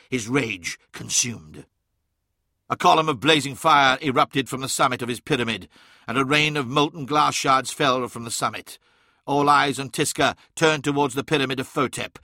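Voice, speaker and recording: A man narrating a dark fantasy audiobook in a dramatic, scripted style, swelling on the action and dropping low on the grief. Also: no room sound, studio quality.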